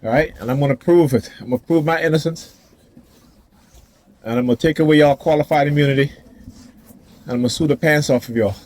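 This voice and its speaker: A man's voice: on the high side, fast talker, long pauses, a little mellow. Defiant man ranting outdoors. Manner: defiant, confrontational, laughs often. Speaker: vlogger. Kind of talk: casual ranting monologue to camera.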